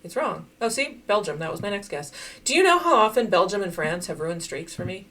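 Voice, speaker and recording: A woman giving casual, chatty commentary while playing a geography guessing game, thinking out loud and laughing often. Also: mid-range voice, expressive, a little fast. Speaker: game streamer.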